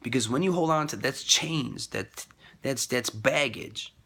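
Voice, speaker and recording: A man giving a rambling casual monologue about faith and love, repeating himself and jumping high in pitch when he quotes others. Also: expressive, unhurried, gravelly, sharp tone.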